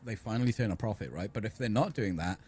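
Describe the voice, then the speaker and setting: A man's voice: lowish voice, quick pace, darkish tone, slightly rough. A man who played in the game, explaining his character in a casual chat and thinking aloud.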